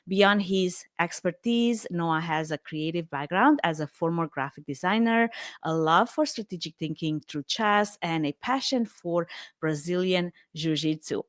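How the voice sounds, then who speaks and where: A woman's voice: lowish voice, no room sound, studio quality. A woman hosting a podcast interview, upbeat and laughing often as she chats with her guest. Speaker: podcast host.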